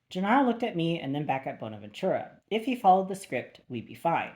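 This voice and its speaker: Audiobook narrator, woman, low pitch, wry and animated. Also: brisk, few pauses. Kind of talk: first-person audiobook narration.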